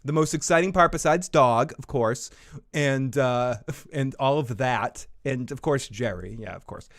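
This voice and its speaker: A man's voice: medium pitch, unhurried. A man co-hosting a casual review show, heaping sarcastic fake praise and laughing often. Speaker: co-host.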